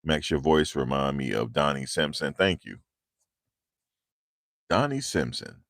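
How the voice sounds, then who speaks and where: This bass voice is animated yet a little slow, with some vocal fry. The man, a livestream host from the New York tri-state area, chats loosely and jokingly with viewers, reading and answering comments into a handheld lavalier clip mic, in clean studio sound with no room sound.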